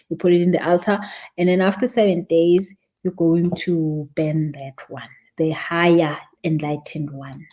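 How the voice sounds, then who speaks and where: Mellow South African woman teaching a ritual. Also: on the low side. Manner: chatty, laughs at her own examples. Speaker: spiritual teacher. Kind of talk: live-streamed teaching of a ritual.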